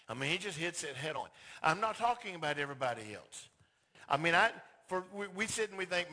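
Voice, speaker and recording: A man preaching with a high, bright voice that cuts through. He speaks emphatically and directly to his congregation. He often slips into short acted-out dialogues to drive his points home. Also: expressive, normal speed. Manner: emphatic, acts out quoted dialogue in skits. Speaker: pastor. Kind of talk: sermon.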